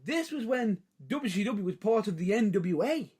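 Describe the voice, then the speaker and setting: A man's voice: sits high, expressive, normal speed, a little mellow, breathy edge. A man co-hosting a casual wrestling podcast chat, rambling and laughing, restarting his sentences. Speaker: podcast co-host.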